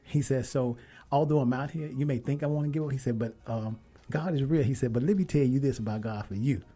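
A man hosting a radio talk show who tells stories quickly and with emphasis, acting out the lines of the people he met. His pitch sits in the middle range for a man. Faint music plays behind him. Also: husky. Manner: animated, emphatic retelling with quoted dialogue. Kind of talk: casual storytelling and interview.

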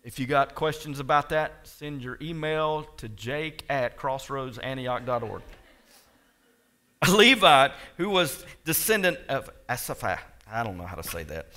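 This male pastor's sermon moves a little slowly, his medium-pitched voice expressive throughout. Speaking directly to the congregation, he swings between subdued asides and loud, impassioned lines.

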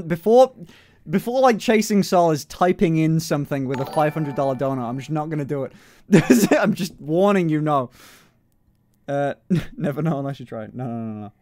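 Lively, playful young male streamer. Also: on the high side, dry recording. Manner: swears freely, laughs a lot, playful voice experiments. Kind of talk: casual live-stream chat.

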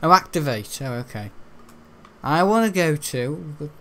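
A man's voice: a little high, animated, measured pace, bright, forceful tone. Young man, jokey rambling game commentary, faint hiss. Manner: rambling, chatty and jokey, laughs at own jokes. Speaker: gaming channel host. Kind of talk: casual let's-play commentary.

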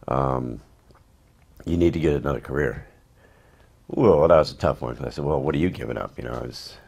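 A man with an extraordinarily low, rumbling voice, recounting stories from a career in acting. He rambles along with dry, wry asides in an easygoing interview manner. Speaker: actor being interviewed. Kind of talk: casual anecdotal storytelling.

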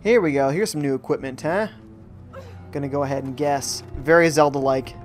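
Chatty man streaming a game, slightly high voice. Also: moderate pace, soft background music. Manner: chatty, joking, reads viewer chat aloud. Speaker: gaming streamer. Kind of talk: live gameplay commentary. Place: at home during a rainstorm.

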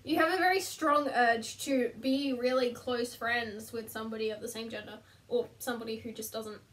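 A woman's voice: a little high, steady tone, normal speed, far from the mic. A young woman chatting casually to camera from her bedroom floor, self-deprecating and laughing at herself. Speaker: vlogger. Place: bedroom, sitting on the floor between two beds.

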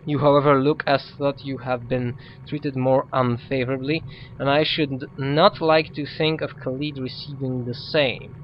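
A man's voice: mid-range voice, flat delivery, a little slow, muffled recording, slight background noise, close to an everyday voice. A man who is not a native English speaker, reading a stern female druid's lines aloud in his own plain voice. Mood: steady. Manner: reads written dialogue aloud in a plain voice.

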